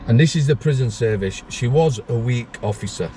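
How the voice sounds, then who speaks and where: A man's voice: mid-range voice, expressive, moderate pace, mellow, slight background noise. A man, hosting a casual chat show and telling blunt stories from his years as a prison officer, swearing freely. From England. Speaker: podcast host, former prison officer.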